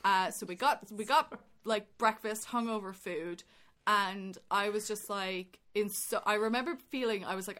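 A woman's voice: medium pitch, moderate pace. A woman co-hosting a casual podcast chat, telling stories animatedly and swearing freely. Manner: animated storytelling, swearing, rising into loud excitement. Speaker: podcast co-host.

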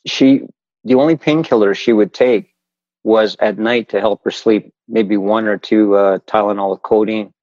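A man speaking quietly and haltingly, emotional, as a guest during a reading. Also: on the low side, fairly even intonation, dry recording, highs cut off.

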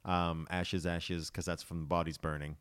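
A man's voice: low-pitched, normal speed, clear, resonant tone. A young man with an American accent, originally from Boston, chatting animatedly on a podcast. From Boston, USA. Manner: animated, jokey storytelling. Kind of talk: casual podcast chat.

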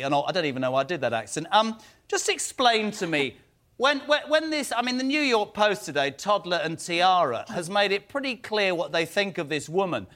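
A man hosting a TV debate, asking pointed questions in an emphatic, animated way. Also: high-pitched. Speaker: stand-in talk show host.

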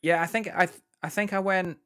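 A man's voice: high-pitched, fairly even intonation, a little fast, sharp tone, clean tone. A young man from England, chatting enthusiastically as a podcast co-host, often restarting his sentences. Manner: enthusiastic, chatty, self-interrupting. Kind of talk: casual chat about a musical.

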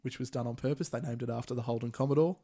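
A man casually recapping a film plot as podcast host, relaxed and chatty. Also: medium pitch, very fast. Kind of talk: casual movie recap chat.

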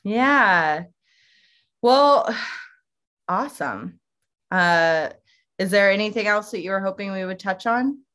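A woman hosting a podcast, chatting casually and telling stories with frequent laughs. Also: mid-range voice. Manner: warm storyteller, unhurried, laughs often. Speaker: podcast host. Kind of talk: casual chat.

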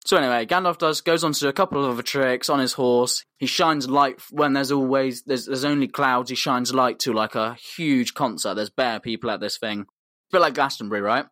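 A man's voice: medium pitch, brisk, a bit bright, no echo, clean studio sound. A man co-hosting a podcast, telling a comic story in a rambling, slangy, sweary way. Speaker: podcast co-host.

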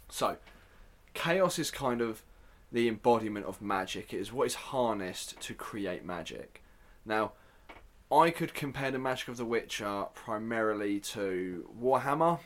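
A man hosting a casual solo podcast, chatty and self-deprecating, with joking asides. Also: mid-range voice. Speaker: podcast host.

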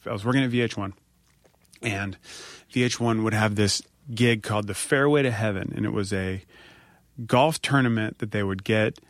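A man hosting a podcast, telling stories in a loose, swearing, animated way. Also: lowish voice, normal speed, no echo. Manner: animated storyteller, swears freely. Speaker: podcast host. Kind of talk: casual podcast chat, storytelling.

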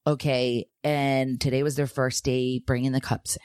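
A woman with a very low voice tells a heartfelt personal story in a relaxed podcast chat. She speaks candidly and emotionally. The sound is dry and close to the mic. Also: measured pace, clear, resonant tone, dry recording. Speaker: podcast co-host. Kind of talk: casual chat.

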